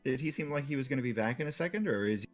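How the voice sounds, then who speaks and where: A man speaks as a player in a tabletop game, stumbling and restarting as he decides what to do. His pitch is middling, with soft music faintly underneath. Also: expressive, racing. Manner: hesitant, many restarts.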